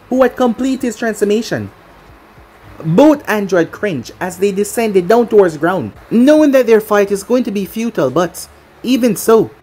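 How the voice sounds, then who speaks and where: Husky woman narrating a story. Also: medium pitch, a little mellow. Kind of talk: fan fiction read aloud.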